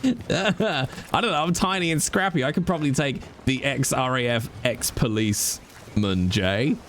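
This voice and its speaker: A man's voice: medium pitch, unhurried, a bit bright, a little hiss or hum. A man streaming a role-play game, chatting casually in a joking, swearing, teasing way. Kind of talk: casual live-stream chat.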